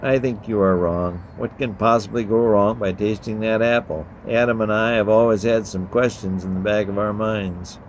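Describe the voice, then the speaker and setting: Headstrong young Eve, as a male storyteller puts her on, pleading and stubborn in a lifted, higher voice. A lower male reader's voice sits beneath the role, read as a spoken story. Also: fairly even intonation, moderate pace, hardly any pauses, slight background noise, natural voice, low-quality recording. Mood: persuading. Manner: pleading, stubborn, raised pitch. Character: young woman Eve, first woman, headstrong and wheedling.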